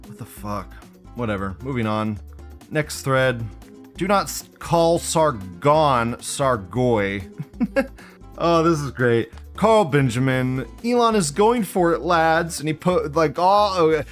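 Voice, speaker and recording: A man with a fairly high voice hosts a loose live-stream commentary, full of profanity and sarcasm. He lurches from loud, incredulous outbursts to quiet mutters, with faint guitar music playing behind him. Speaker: livestream host.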